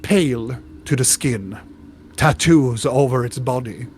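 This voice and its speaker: A man's voice: mid-range voice, a little slow, a little mellow, a little hiss or hum. A man narrating a tabletop game as game master, describing scenes with frequent restarts.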